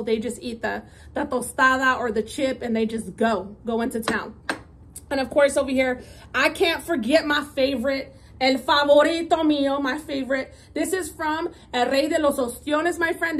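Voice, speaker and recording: A woman's voice: high-pitched, a bit bright. A woman in her thirties, chatting upbeat to viewers in a home food vlog and mixing in Spanish words. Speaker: mukbang vlogger. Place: home, indoors at a table.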